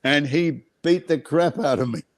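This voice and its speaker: A man's voice: a little high, normal speed. Man from australia, guest actor, chatty anecdotes, laughs a lot, video call. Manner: anecdotal, laughing often, hesitant fillers. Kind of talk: casual storytelling on a video call.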